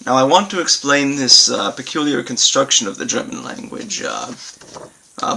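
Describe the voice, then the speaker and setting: A man teaching a language lesson on video, halting with many fillers and repeating example sentences slowly. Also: medium pitch, animated, vocal fry, bright, forceful tone, slight background noise, low-quality recording. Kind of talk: informal recorded lesson.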